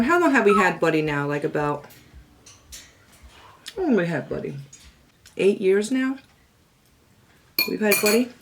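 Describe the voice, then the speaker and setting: A middle-aged woman hosting a casual home cooking vlog, chatting to viewers and cooing at her parrot in a high sweet voice. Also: creaky. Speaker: cooking channel host. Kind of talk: casual chat to camera.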